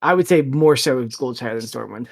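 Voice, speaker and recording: A man co-hosting a casual gaming podcast, animated, with frequent stammering restarts. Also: mid-range voice, moderate pace, vocal fry. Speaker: podcast co-host.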